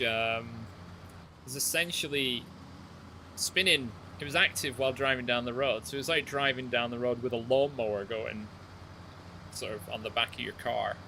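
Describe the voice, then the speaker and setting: Guy rambling away while he plays on stream, bright punchy voice. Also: medium pitch, slight background noise. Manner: rambling, chatty asides while playing. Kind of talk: live gameplay commentary.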